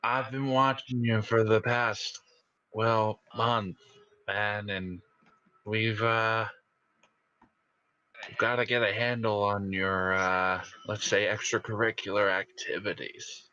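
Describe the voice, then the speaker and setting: A man's voice: fairly low pitch, little pitch movement, takes it slowly, sharp tone, smooth, no echo. A man voicing a pushy young man who insists that his friend drink some tea. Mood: insistent. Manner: casual, insistent. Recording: dull lo-fi recording.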